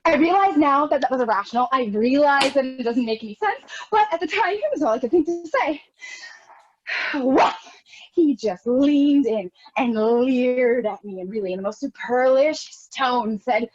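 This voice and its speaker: In this scene-study monologue, a young woman portrays a self-pitying, neurotic married woman, rambling anxiously and erupting now and then into near-tearful shouts. Her voice is high-pitched, animated, and slightly rough, at a moderate pace. It comes through a video call with dull, lo-fi audio.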